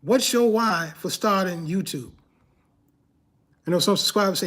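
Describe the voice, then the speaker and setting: A man's voice: high-pitched, expressive, moderate pace, fairly bright tone. A man hosting a livestream as a YouTube growth coach, talking emphatically and casually, repeating key phrases and firing rhetorical questions. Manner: casual, slangy speech.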